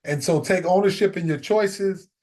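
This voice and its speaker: A man's voice: sits high, normal speed, darkish tone. A middle-aged man telling a personal story in a casual, reflective way, repeating key phrases for emphasis before drawing a life lesson.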